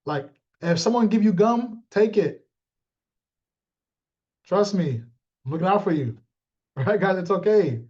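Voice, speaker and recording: High-voiced blunt motivational man, lo-fi. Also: animated, measured pace, pauses often, darkish tone. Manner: blunt, joking, calls on listeners by name, acts out dialogue. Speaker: team leader coaching sales agents. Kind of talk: motivational talk to a live team.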